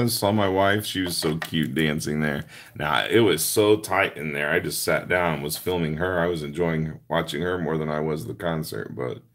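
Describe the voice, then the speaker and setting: This card-making livestream host has a very deep, gravelly voice and speaks slowly in a chatty way. As he crafts, he replies to viewers by name and describes each hands-on step in a casual livestream chat.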